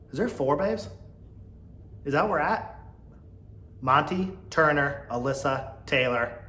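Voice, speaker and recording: A man in his thirties talks through a casual solo podcast, gossipy and mocking, shifting between loud bursts and mumbled asides. His voice sits at an ordinary pitch. The room is echoey, with a faint hum of noise behind him. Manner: mocking, mimics others in a high whiny voice. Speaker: podcast host.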